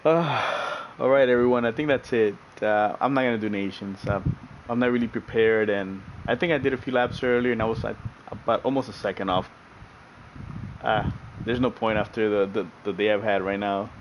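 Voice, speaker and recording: A man's voice: on the low side, moderate pace, highs cut off, slight background noise. A man streaming sim racing, chatting casually with his viewers, laughing often and repeating himself as he talks.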